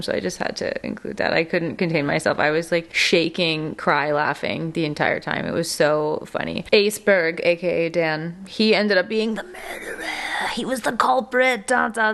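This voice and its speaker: A young woman vlogging casually from her home, chatty and excitable. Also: fairly low pitch, creaky. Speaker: lifestyle vlogger. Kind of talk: casual vlog chat.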